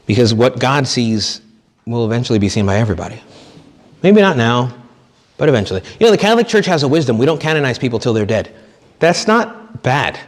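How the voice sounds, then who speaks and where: A man's voice: mid-range voice, sing-song, fairly quick. Priest, male, chatty retreat sermon with jokes, long hall reverb. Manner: conversational, joking, acts out quoted people. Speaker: priest giving a retreat talk.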